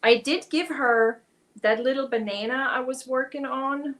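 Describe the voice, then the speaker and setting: A woman on a casual crochet livestream, her voice sitting a touch high. She chats easily with viewers while she works and reads their comments out loud. Now and then she turns aside to coo at her cat or tell it off. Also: unhurried, poor audio.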